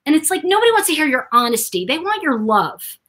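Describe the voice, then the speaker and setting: Hosting her own channel, a woman tells a personal story straight to camera, animated and swinging between loud bursts and near-whispers. Her voice is high-pitched and her pace quick.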